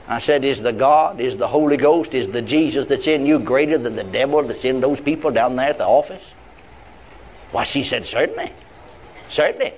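A man's voice: fairly high pitch, lively intonation, brisk. A man preaching a sermon, retelling a conversation and acting out both sides. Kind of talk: sermon with retold dialogue.

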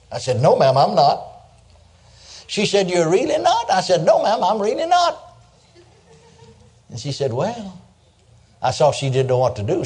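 A man's voice: medium pitch, darkish tone. An older man preaching a sermon, telling stories in a folksy way and chuckling as he goes. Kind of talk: sermon with storytelling.

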